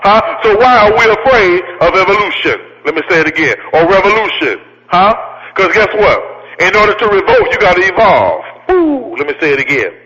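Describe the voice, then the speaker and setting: Guy preaching motivation, high pitched, repeats himself a lot, big echoey hall. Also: very animated, brisk, sharp tone, highs cut off, slight background noise. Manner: preacher-like cadence, keeps repeating lines and asking the crowd. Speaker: motivational speaker. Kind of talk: fiery motivational speech. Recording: long hall reverb.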